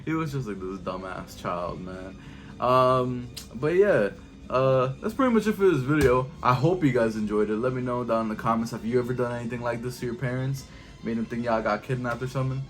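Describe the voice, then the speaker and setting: A man's voice: medium pitch, brisk, soft background music. Young man telling a casual storytime. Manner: animated storytelling with slang and swearing. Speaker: YouTube storyteller.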